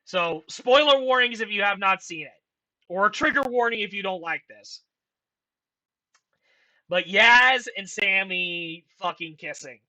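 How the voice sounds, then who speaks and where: Casual vlogger, male, frustrated profane rant, slow delivery, bright tone. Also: high-pitched. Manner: profane, exasperated ranting with sighs. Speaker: vlogger ranking a film franchise. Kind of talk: casual ranting commentary.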